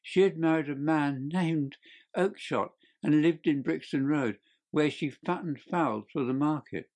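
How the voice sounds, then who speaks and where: Reading an audiobook, a man takes on the character of a panicked young thief, confessing and pleading in a shrill, crackling, desperate voice. His own delivery is a little slow and a little mellow.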